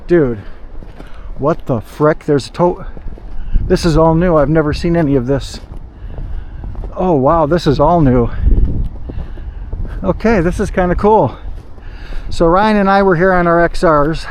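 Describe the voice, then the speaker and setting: A man from Ohio talking his way along a river trail in a casual hiking vlog, chatty and rambling, quick to exclaim at what he finds. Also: fairly high pitch, a little hiss or hum. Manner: chatty, rambling, easily surprised. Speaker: hiking vlogger. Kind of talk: casual outdoor vlog narration.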